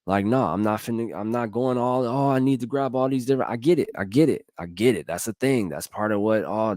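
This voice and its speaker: A man giving an energetic motivational monologue in casual slang, repeating lines for emphasis and laughing often. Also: lowish voice, dry recording, studio quality. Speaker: motivational speaker.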